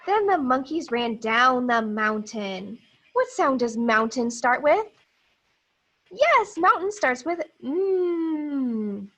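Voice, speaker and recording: A woman teacher reading a picture book to young children in a high, gentle voice. She speaks slowly and exaggerates each sound. She encourages the children to repeat after her. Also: very animated, poor audio. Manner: slow, exaggerated and encouraging, with sounds modeled clearly. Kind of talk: read-aloud phonics lesson for young children.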